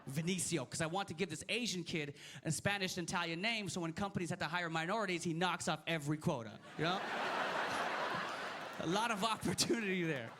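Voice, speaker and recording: A man in his thirties doing a stand-up set, ranting in an animated and incredulous way into a handheld stage mic. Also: high-pitched, a little fast, background noise. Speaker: stand-up comedian. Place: comedy stage.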